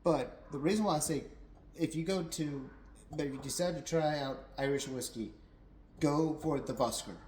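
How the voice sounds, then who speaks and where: A man's voice: on the high side, moderate pace, darkish tone, echoey room, slight background noise, rough recording. A young adult man giving a casual, rambling whiskey tasting review at home, a little tipsy, with lots of fillers and restarts.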